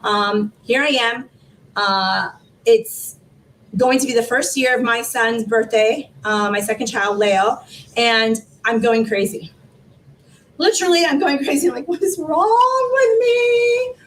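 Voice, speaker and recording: A woman in her forties, a guest telling her personal story with animated laughter and emotion. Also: a little slow, recorded from a distance, a little hiss or hum, rough recording. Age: 40s. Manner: animated, laughing, rising into high exclaims. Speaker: guest, foundation founder.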